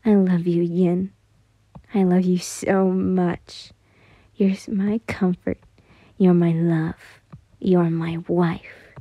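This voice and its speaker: A woman's voice: medium pitch, slow pace, dry recording, muffled recording. A woman voicing Zenitsu, an obsessive, possessive young man who swings between unhinged laughter and clingy whispering, in a fan fiction reading.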